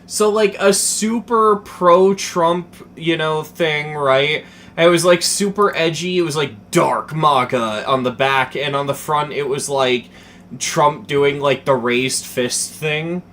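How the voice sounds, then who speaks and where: A young man chatting casually as a streamer, telling a story with lots of swearing, dropping to mumbles and then getting excited. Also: fairly high pitch, takes it slowly, slight background noise. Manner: animated, profane, swings between mumbling and excited.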